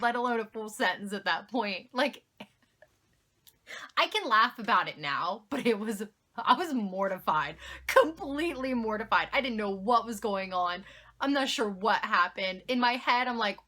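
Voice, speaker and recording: A woman's voice: a little high, animated, moderate pace, sharp tone. A young woman vlogger telling a story to camera in a casual way, laughing often and poking fun at herself.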